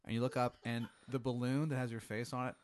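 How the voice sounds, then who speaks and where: A man running an improvised comedic story as game master, with halting, restart-filled narration. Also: medium pitch, flat delivery, darkish tone.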